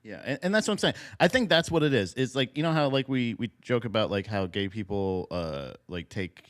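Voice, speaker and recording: A young man co-hosting a casual comedy podcast, swearing and mocking in animated, rambling chat. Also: on the low side, fairly quick, dry recording, clean studio sound. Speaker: podcast co-host.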